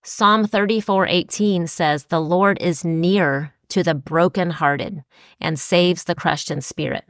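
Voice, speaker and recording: A woman's voice: fairly low pitch, slow pace, dry recording, clean studio sound. A woman co-hosting a Christian podcast, speaking earnestly and reflectively while citing scripture. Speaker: podcast co-host.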